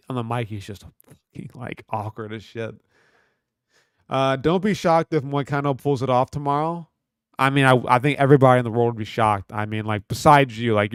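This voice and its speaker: A man's voice: mid-range voice, smooth, dry recording, studio quality. A man hosting a livestream, reading chat and talking back to it in a rambling, profane, slangy way. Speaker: livestream host.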